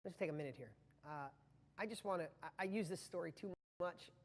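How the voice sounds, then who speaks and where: A man's voice: high voice, fairly quick, in a large hall. A man giving a live motivational training talk to viewers, speaking with passion and a rambling flow full of restarts.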